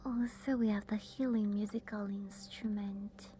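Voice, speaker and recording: A woman whispering as an ASMR streamer, chatting softly and haltingly with her viewers. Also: medium pitch, steady tone, slight background noise. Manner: halting, with many fillers. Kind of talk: whispered ASMR livestream chat.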